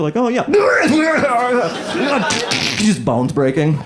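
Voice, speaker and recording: A man in his thirties performs stand-up on a comedy club stage, jumping between his own voice and quick character bits. His pitch swings widely and lively. Loud crowd laughter rolls in behind him.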